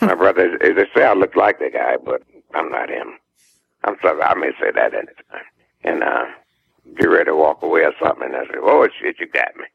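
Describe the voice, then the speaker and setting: An older man from the South talks in a very deep, gravelly voice with a husky edge. He circles back over his words and chuckles as he goes. The sound is dull and muffled, like an old radio tape. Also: lively intonation, brisk, no room sound. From American South. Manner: laughs often, repeats words, warm down-home talk. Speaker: guest singer. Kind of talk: relaxed interview chat.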